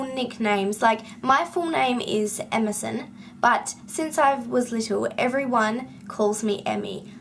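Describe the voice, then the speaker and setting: A woman's voice: on the high side, gravelly, a little hiss or hum. An Australian woman chatting casually to camera as a vlogger, with lots of ums and sentences that rise at the end. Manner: chatty with frequent ums and rising ends of sentences.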